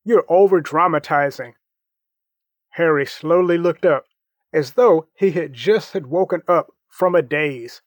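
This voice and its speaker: Male narrator reading a story, unhurried, slightly high voice, dry close sound. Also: no room sound. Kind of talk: storybook read-aloud.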